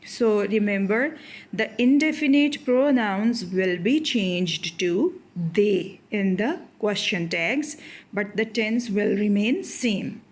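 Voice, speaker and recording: Slow, deliberate woman teaching grammar. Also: medium pitch. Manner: slow, deliberate explaining with examples. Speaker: English teacher. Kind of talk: grammar lesson over slides.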